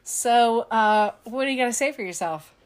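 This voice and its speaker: A woman's voice: fairly high pitch, normal speed. A woman with a Southern US accent hosting a casual podcast, giggling and protesting. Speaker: podcast host.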